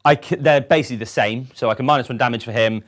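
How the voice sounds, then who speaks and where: A man playing a tabletop wargame on a stream, explaining his rules in a relaxed, casual way with dry quips. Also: medium pitch, racing. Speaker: tabletop game player.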